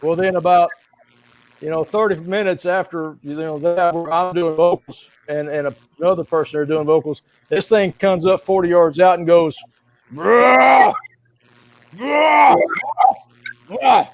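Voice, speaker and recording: A man telling a firsthand story on a live call in an emphatic, drawn-out way. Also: fairly high pitch, fairly even intonation, a little mellow, poor audio. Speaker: guest sharing field experiences.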